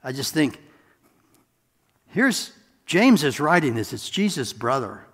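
A man preaching a sermon in a relaxed, conversational way, with self-deprecating asides, in a church sanctuary. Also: medium pitch, slow pace, breathy edge. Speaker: pastor. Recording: long hall reverb.

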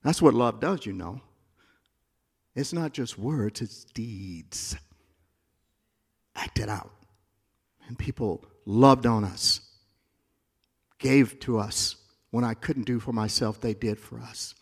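Male pastor, passionate sermon, soft asides to loud peaks, echoey church hall, mid-pitched voice. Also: slow, pauses often, husky. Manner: impassioned preaching that swings between soft asides and loud climaxes.

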